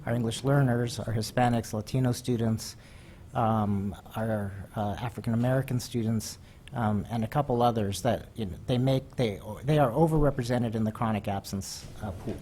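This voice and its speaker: Halting male administrator at a board meeting. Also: medium pitch, dark tone, a little hiss or hum. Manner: halting, many ums and restarts. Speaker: district administrator presenting a proposal. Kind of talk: meeting presentation. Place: school board meeting room.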